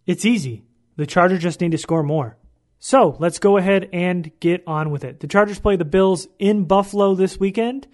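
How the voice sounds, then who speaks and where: Chatty young man hosting a podcast. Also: high voice. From San Diego, USA. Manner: chatty, animated storyteller. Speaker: podcast host. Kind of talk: solo sports podcast, casual storytelling.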